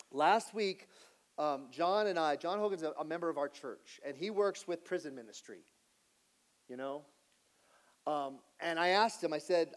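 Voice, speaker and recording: Male pastor, earnest sermon delivery, voice slightly high for a man. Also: moderate pace. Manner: earnest, shifts between lively asides and hushed emphasis.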